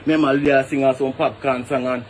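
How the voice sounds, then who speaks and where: A man's voice: medium pitch, flat delivery, quick pace, a little hiss or hum. A man with a Jamaican accent, a hotel worker venting emphatically and tagging phrases with "brother". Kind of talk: venting to camera.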